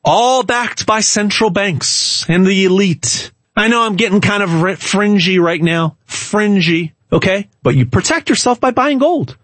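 Husky, emphatic pitchman. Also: expressive, moderate pace, few pauses, fairly bright tone, no echo. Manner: emphatic, repetitive, stumbles and restarts; hard-selling, talks straight to the viewer. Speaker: gold sales pitchman. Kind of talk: direct-to-camera sales pitch.

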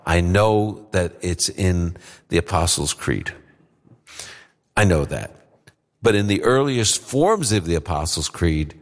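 A man's voice: low-pitched, long reverb tail. A man teaching the Bible on a call-in radio show, explaining and acting out scenes with animation. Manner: explanatory, animated when retelling scripture scenes. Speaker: radio Bible teacher answering listener questions. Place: live event before an audience.

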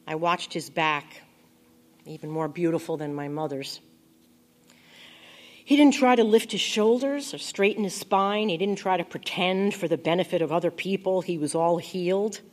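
Woman narrating audiobook, first person, low-ish soft intimate voice. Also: moderate pace. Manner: quiet, intimate, reflective reading.

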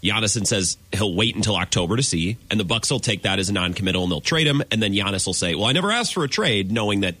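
A man co-hosting a sports talk radio show, laying out his analysis quickly and acting out quotes as he goes. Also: fairly low pitch, bright, forceful tone, slightly rough, dry recording. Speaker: radio co-host.

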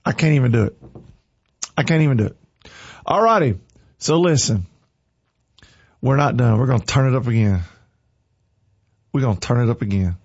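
A man leading worship, out of breath and talking in an excited, exclamatory, folksy way. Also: medium pitch, moderate pace, pauses often, slightly rough, dry recording. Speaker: worship leader. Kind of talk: excited church livestream chat. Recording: dull lo-fi sound.

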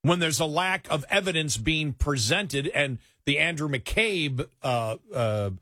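A middle-aged man, a talk host, speaking bluntly and emphatically in casual political chat, often halting on fillers. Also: fairly high pitch, expressive, sharp tone, no room sound, clean studio sound.

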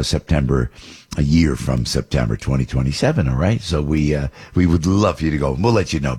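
A man hosting a radio show, chatting in a rambling, excitable way and laughing often. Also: extremely low pitch, breathy edge. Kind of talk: casual radio banter.

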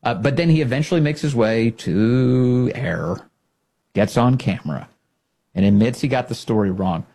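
Male commentary host, husky voice, sarcastic and animated delivery. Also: medium pitch, normal speed. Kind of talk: mocking commentary on news clips.

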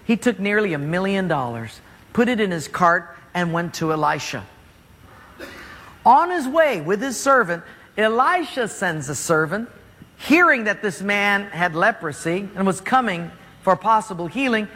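A man preaching a sermon, telling a story in an animated, jokey way and acting out its scenes. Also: high voice, measured pace, big-room sound.

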